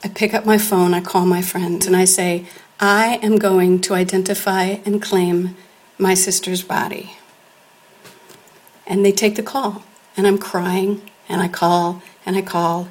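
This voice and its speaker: A woman's voice: on the low side, flat delivery, a little slow. A woman telling a grave personal story in an earnest way, sometimes dropping almost to a whisper. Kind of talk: personal storytelling before an audience.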